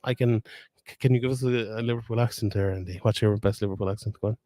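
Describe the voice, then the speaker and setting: Hosting a casual live stream from a fight weigh-in on his phone camera, a young man from Ireland with a Limerick accent rambles chattily and laughs a lot. He talks quickly in a fairly low, dark voice with a steady tone, and there's no room sound.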